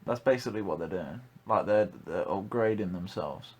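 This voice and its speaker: A man's voice: low voice, normal speed, darkish tone. A young man hosting a casual podcast, blunt and ranting, swearing freely. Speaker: podcast host.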